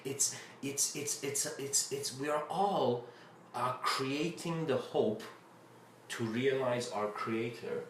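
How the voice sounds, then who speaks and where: A man's voice: mid-range voice, slow pace, a bit bright. A man giving a casual spiritual lecture, rambling and full of fillers and restarts as he tells a story. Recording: roomy with faint ambient noise.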